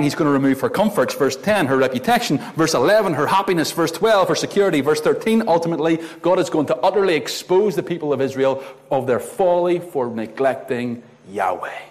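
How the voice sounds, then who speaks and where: A man delivers a sermon in a fairly high voice. He drives his points home with sharp rises and sudden drops. His voice rings with the long reverb of a large hall. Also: lively intonation, brisk, few pauses. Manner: emphatic, rising and falling sharply for stress. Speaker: preacher.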